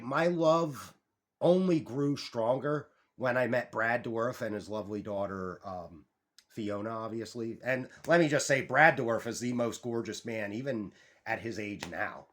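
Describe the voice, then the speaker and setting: Young male vlogger, low-pitched, rambling and excitable, swears a lot, chats off on tangents. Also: slight background noise. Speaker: YouTube channel host. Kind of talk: casual vlog chat.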